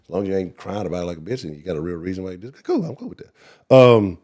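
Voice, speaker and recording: A man's voice: deep voice, expressive, very fast, a little mellow. A man with a Texan accent hosting a live sports talk stream, rambling and profane, laughing often and talking to the chat. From Texas. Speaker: sports show host.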